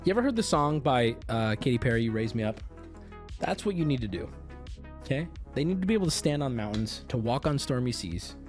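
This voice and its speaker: A man streaming, telling a rambling story to his chat in a casual, animated way and acting out the people in it. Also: medium pitch, a little fast, faint music behind.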